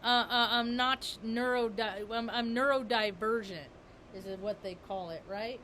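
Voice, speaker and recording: A woman's voice: on the high side, measured pace, sharp tone, slight background noise. A woman vlogger talking in a rambling spiritual monologue, repeating and restarting her words with emphasis.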